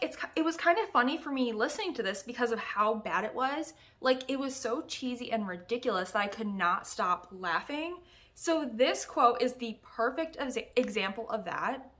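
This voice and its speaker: A young woman talks straight to her viewers in a casual book review, animated and openly exasperated, breaking into laughter. Her voice sits a little high and rings bright and forceful. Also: normal speed.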